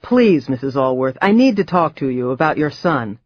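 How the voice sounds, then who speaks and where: A polite, persistent man, voiced by an audiobook narrator who keeps calmly pressing his case. The voice stays close to the plain narration. The sound is dry and a little dull. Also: mid-range voice, normal speed, no echo. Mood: patient. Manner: polite, patient, persuasive. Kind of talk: audiobook character voice.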